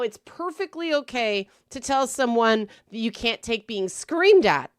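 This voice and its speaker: A woman's voice: a little high, no echo, studio quality. A woman hosting a talk show, giving blunt, wry, emphatic advice in a scripted commentary style. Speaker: host.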